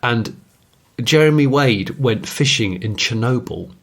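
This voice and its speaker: Male podcast co-host, mid-pitched, enthusiastic, chatty, restarts his sentences. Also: lively intonation, unhurried. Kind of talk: casual chat.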